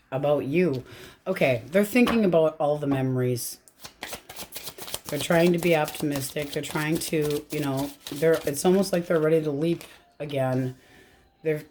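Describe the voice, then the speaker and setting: A woman's voice: on the low side, a little mellow, slight background noise. A woman giving a casual tarot reading, chatty and blunt, swearing freely as she talks. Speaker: tarot reader.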